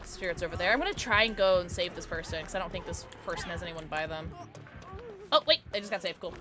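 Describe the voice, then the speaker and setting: A woman livestreaming while gaming, chatting excitedly with her viewers in a loose, filler-heavy way. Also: mid-range voice, a little fast. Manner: excitable, chatty, talks to chat, many fillers like "like". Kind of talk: casual gaming livestream chat. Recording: game music audible behind voice.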